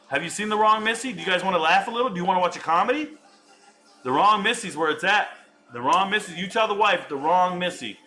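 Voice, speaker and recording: A man's voice: sits high, pushed and bright. A man in his forties chatting casually on a home live stream, riffing and answering viewer comments. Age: 40s.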